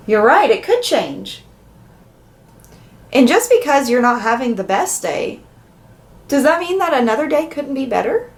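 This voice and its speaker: A woman reading a story aloud to young children as their teacher, asking them questions and answering for them in a sing-song way. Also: high-pitched.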